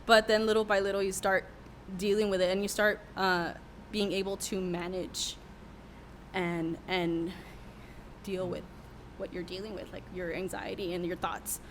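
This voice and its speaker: A woman's voice: medium pitch, flat delivery, normal speed, slight background noise. A young adult woman, a worship leader who is a podcast guest, telling a candid, emotional story with many fillers in a casual interview.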